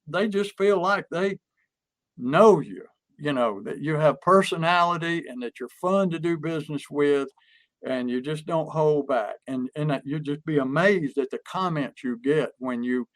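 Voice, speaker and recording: A man coaching on business, chatting casually and acting out stories with lively energy. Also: a little high. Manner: animated storyteller who acts out quotes. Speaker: pest control marketing coach. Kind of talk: casual podcast chat.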